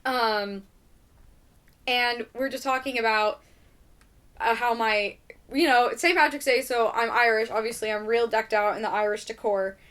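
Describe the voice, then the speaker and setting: A woman's voice: a little high, fairly even intonation, moderate pace, a bit bright. A young adult woman hosting a podcast in casual chat, ranting animatedly and swearing a lot. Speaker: podcast host.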